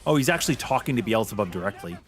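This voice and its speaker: Animated, opinionated male game streamer. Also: on the low side, very fast, faint music behind. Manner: chatty and opinionated, reacting to chat. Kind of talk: casual live-stream chat.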